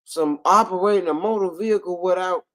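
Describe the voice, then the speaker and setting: A man's voice: high voice, brisk, fairly bright tone. A man hosting a casual commentary livestream, drawling, laughing often and repeating himself. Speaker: livestream host.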